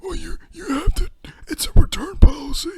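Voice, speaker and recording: A man voicing an old male customer with a high, breathy, whispery whine. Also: moderate pace, a little mellow. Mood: whining. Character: whiny old male customer returning bulbs.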